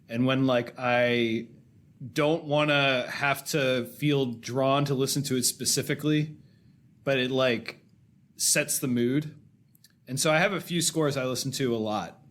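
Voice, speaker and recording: A man's voice: medium pitch, a bit bright. A man co-hosting a film podcast, chatting casually and rambling a little, correcting himself as he goes. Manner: rambling, self-correcting, enthusiastic about film scores. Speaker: podcast co-host. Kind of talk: casual chat.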